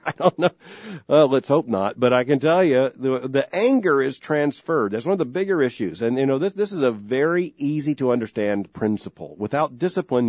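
A man's voice: medium pitch, animated, darkish tone, no room sound. A middle-aged man hosting a call-in radio talk show, speaking earnestly and measuredly, often restarting his thoughts. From Florida, US. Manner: earnest, measured, repeats himself when starting a thought. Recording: dull dry studio broadcast sound.

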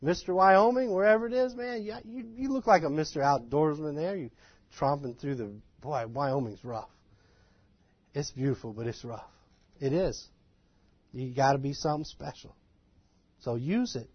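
A man giving an informal, animated and self-deprecating lecture to a live class of ministry students, in a folksy manner. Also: fairly high pitch, moderate pace, dry recording, lo-fi sound. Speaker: ministry trainer.

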